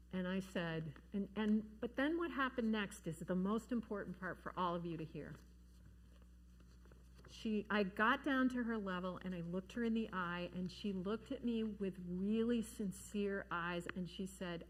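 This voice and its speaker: A woman giving an earnest, gentle talk to parents about grief at a church forum, slowing down to stress key words. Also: medium pitch. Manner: gentle, earnest, slows down for emphasis. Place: church hall.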